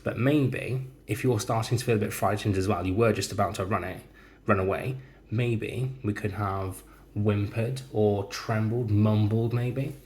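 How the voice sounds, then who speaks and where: A male teacher typing out a model story as he speaks, reading each word and punctuation mark aloud in a slow, deliberate way. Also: fairly low pitch, steady tone, darkish tone.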